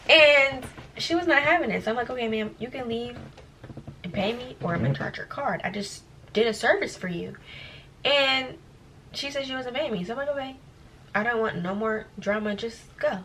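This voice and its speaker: A young woman tells a long story in a casual vlog, jumping her voice up high whenever she acts out what someone said. She sits a little back from the microphone, so her voice sounds slightly distant. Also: normal speed, slight background noise. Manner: animated, acts out quoted dialogue with big pitch jumps. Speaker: lash technician vlogger.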